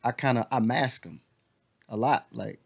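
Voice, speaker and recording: A man's voice: medium pitch, animated, moderate pace, creaky. A man co-hosting a casual podcast, teasing his friend with frequent laughter, then talking frankly about his feelings. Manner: laughs often, joking and teasing, turns reflective. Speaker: podcast co-host. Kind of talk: casual chat.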